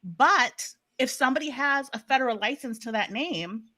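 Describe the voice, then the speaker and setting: A woman's voice: sits high, moderate pace. Emphatic Boston woman moderating a panel. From Massachusetts. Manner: emphatic, animated, playful. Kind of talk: virtual panel discussion. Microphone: video call.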